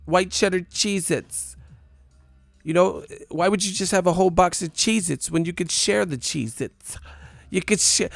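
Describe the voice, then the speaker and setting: A man voicing a mocking take on an airheaded young woman pageant contestant, drawn-out and exaggerated. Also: high voice, vocal fry, a bit bright, no echo, pitched above the performer's own voice, heavily acted.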